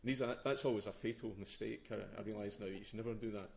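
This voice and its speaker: A man's voice: fairly low pitch, steady tone, fast talker, vocal fry, darkish tone. A man explaining the story behind a poem, talking casually with lots of hesitations and restarts. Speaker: poetry blogger. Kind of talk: casual talk before a reading.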